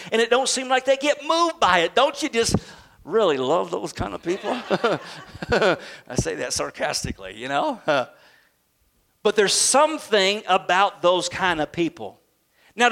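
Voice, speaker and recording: A male pastor preaching a sermon with a call-and-response style, sometimes building to shouts. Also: sits high.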